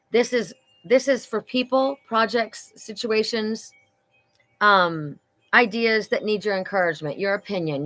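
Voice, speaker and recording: A woman's voice: mid-range voice, a bit bright, rough recording. A woman doing a live oracle card reading, passing on spirit messages in an earnest, enthusiastic way.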